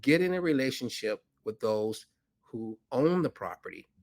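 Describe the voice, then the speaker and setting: Animated male storyteller, mid-pitched. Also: moderate pace. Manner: acts out dialogue with rising pitch, laughs often. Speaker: podcast guest, financier.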